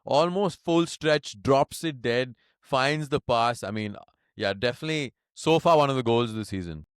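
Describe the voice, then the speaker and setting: A man co-hosting a relaxed football podcast, with a smooth, resonant voice recorded close and dry. He talks in a measured, analytical way and laughs easily. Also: mid-range voice, dry recording. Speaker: podcast co-host. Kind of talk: casual football chat.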